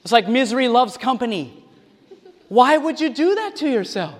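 A man's voice: very high-pitched, moderate pace. A man preaching a sermon to a congregation, talking directly to them and acting out the voices of people he quotes. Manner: animated, acts out quoted voices. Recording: long hall reverb.

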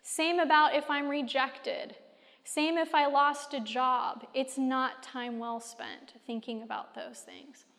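A woman's voice: sits high, fairly even intonation, slow, a bit bright, big-room sound. A woman giving a faith-based teaching talk, conversational and full of rhetorical questions aimed at her listeners.

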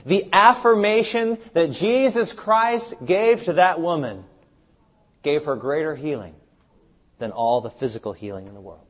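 A man's voice: on the high side, unhurried. A man preaching a sermon at a seminar, asking his audience many rhetorical questions. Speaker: seminar speaker. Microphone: live seminar recording.

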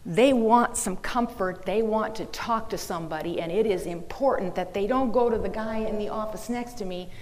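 A woman's voice: mid-range voice, normal speed, few pauses, a little mellow. A woman giving an earnest, emphatic talk to a church audience, sometimes dropping into a mocking whisper. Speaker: speaker. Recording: reverberant hall.

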